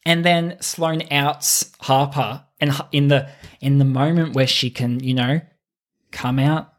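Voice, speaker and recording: A man's voice: medium pitch, fairly even intonation, a little slow. A man talks through a movie's plot on a casual podcast. He swears often, restarts his sentences and acts out bits of dialogue as he goes. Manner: swearing, rambling retelling with quoted lines. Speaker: podcast co-host. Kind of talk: casual film chat.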